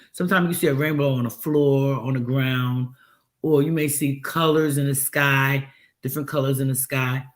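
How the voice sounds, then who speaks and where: A man's voice: medium pitch, fairly bright tone. A man hosting a casual livestream chat, rambling and musing aloud with many rhetorical questions. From United States. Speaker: livestream host.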